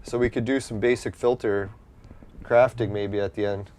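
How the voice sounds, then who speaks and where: A man's voice: fairly low pitch, steady tone, moderate pace, darkish tone, a little hiss or hum. Profane, rambling male gamer. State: runny nose from allergies. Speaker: gameplay streamer. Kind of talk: casual gameplay commentary.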